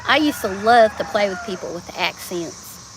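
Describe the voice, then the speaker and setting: A woman's voice: medium pitch, animated, moderate pace, a little hiss or hum. A woman from Georgia with a Southern accent, chatting casually to viewers in a live stream, laughing often and bursting into snatches of songs. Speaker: livestreamer. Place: outdoors. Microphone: phone.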